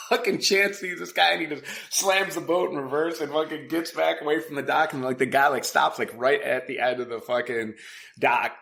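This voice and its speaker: A man's voice: fairly high pitch, steady tone, normal speed, creaky, a bit bright. A man co-hosting a casual podcast, telling stories in a profane, rambling way with many fillers and bursts of laughter. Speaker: podcast co-host.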